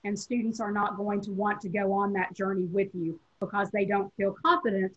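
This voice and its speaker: A woman from Tennessee with a Southern accent, lecturing teachers in a webinar in a measured, explanatory way with a slightly husky voice. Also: mid-range voice, steady tone. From Tennessee, USA. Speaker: teacher educator. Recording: dull lo-fi webinar audio.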